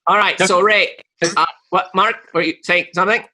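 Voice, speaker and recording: A man co-hosting a casual discussion from home over a video call, playful and energetic, acting out his stories. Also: high-pitched, moderate pace. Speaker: co-host.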